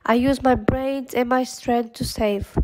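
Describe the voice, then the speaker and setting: A woman's voice: a little high, fairly even intonation, measured pace, a little mellow, a little hiss or hum, pitched above the performer's own voice, close to an everyday voice. A woman voicing an eager, adventurous young boy in a storybook read-aloud, calling out eagerly.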